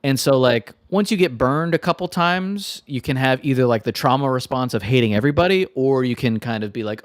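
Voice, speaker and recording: A man's voice: medium pitch, animated, brisk, hardly any pauses, no room sound, clean studio sound. A man co-hosting a podcast in casual chat, thoughtful and rambling, with many fillers. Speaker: podcast co-host.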